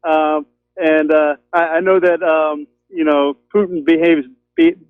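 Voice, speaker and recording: A male caller talks in a fairly high voice over a tinny, narrow phone line. He rambles loosely and fills his speech with ums and you-knows. The sound is dry and close. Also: fairly even intonation, unhurried, clean tone, no room sound. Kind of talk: casual call-in chat. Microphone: telephone.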